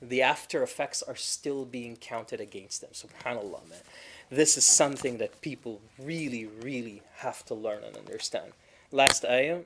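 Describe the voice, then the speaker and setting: A man teaching a Quran class in a conversational way, telling stories with animated quoted voices and reciting Arabic verses quickly. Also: medium pitch, a little hiss or hum. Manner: animated storytelling, acting out quoted spouses.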